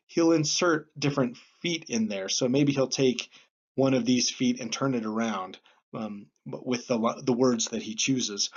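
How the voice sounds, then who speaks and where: A man teaching a class in a plain, explanatory way, often pausing on um and uh. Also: medium pitch. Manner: plain explanatory, with frequent um and uh fillers. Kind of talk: classroom lecture. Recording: slightly dull lo-fi recording.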